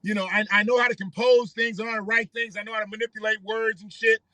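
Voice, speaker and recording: A man's voice: sits high, flat delivery, fast talker, pushed and bright, no room sound. A man hosting a live stream, giving rambling, profane commentary and often repeating himself. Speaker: livestream host.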